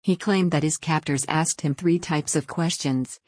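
A woman narrating a scripted news report in an even, formal read-out manner. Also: low-pitched, unhurried, dry recording, studio quality.

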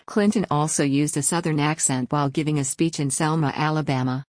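A woman reading a news article aloud in a steady, scripted way. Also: deep voice, a little fast, dry recording. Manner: even, read-aloud delivery. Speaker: news reader.

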